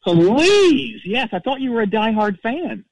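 An actor playing a petty, self-righteous middle-aged rock-fan caller who rambles and stammers through a comedic call-in story. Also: male voice, very high-pitched, sing-song, measured pace, vocal fry, a little hiss or hum, heavily acted, rough recording. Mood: indignant.

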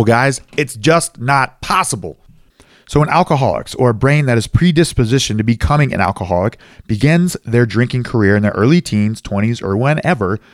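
A man's voice: mid-range voice, no room sound, clean studio sound. A man in his thirties hosting his own recovery podcast, explaining things earnestly and dropping in self-deprecating asides. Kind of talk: solo podcast monologue.

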